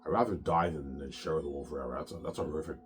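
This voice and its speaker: A man's voice: extremely low pitch, rapid-fire, noisy background. A sick, coughing man hosting his own show in a rambling, profane monologue that keeps coming back to "man". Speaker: solo show host.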